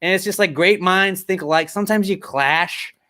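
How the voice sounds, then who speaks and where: A man's voice: sits high, normal speed, sharp tone. A man co-hosting a football podcast over a video call, joking and bantering playfully. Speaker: podcast co-host. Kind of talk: casual football chat.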